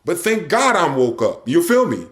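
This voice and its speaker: A man hosting his own show, ranting and swearing while he reads word definitions aloud, swinging between loud outbursts and low muttering. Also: huge pitch swings, normal speed. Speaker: podcast host.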